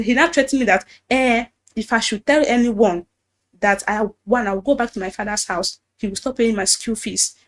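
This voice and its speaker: Young nigerian woman telling her own story, voice a bit high, quotes people back and forth. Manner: recounts dialogue, acts out the pastor's lines in a raised voice. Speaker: testimony giver. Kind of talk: emotional personal testimony.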